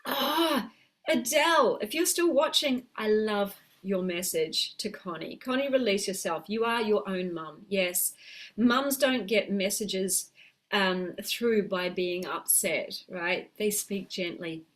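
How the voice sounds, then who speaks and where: A middle-aged woman, coaching viewers gently in a live stream and reading their comments aloud. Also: medium pitch, lively intonation, slow pace. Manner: warm, encouraging, reads viewer comments aloud. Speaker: health coach. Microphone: webcam mic on a video call.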